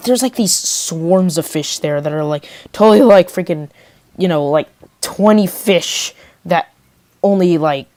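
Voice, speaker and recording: A woman's voice: lowish voice, measured pace, darkish tone, lightly acted. A woman quoting a rude pet store clerk who rambles with fillers. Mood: rambling.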